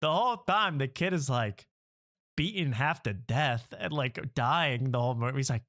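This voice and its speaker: A man hosts a late-night comedy show in a loose, mocking way. He laughs often between jokes and talks at an ordinary pitch. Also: animated, normal speed, fairly bright tone. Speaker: host. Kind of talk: casual comedic chat.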